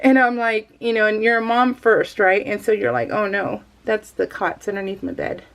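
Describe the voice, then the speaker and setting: A middle-aged scrapbooking vlogger recovering from having her tonsils removed narrates a story in a loose, conversational voice-over. Her mid-range voice moves at a moderate pace, broken by frequent laughter and the odd cough, and the recording is low quality.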